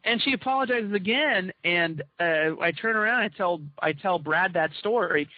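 Speaking at a moderate pace, this man has a high-sitting voice and lively intonation as he shares a long story with his co-hosts. The conversation is casual, and he animatedly performs the quoted lines. It's captured in a dull, dry, lo-fi recording.

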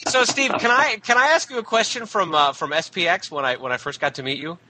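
A man co-hosting a podcast in casual chat, playful and quick to laugh. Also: high voice, noisy background. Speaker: podcast co-host.

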